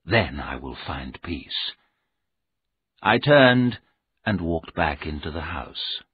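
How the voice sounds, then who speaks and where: A man narrating a story aloud in a slow, expressive read. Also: rumbling low, breathy edge. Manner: slow, expressive, with lively rise and fall. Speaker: audiobook narrator. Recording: narrow tinny sound.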